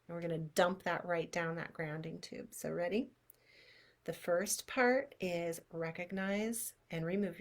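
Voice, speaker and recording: Low-voiced woman guiding an energy meditation. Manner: expressive, chatty, drops to soft near-whispers when guiding. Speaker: clairvoyant energy-healing teacher. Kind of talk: guided visualization lesson.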